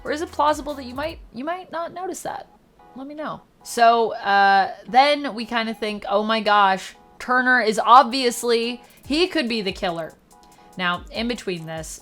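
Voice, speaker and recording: A woman giving a casual spoken review of a TV episode, chatty and sarcastic, her voice jumping up and down in pitch and loudness. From Canada. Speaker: TV show reviewer.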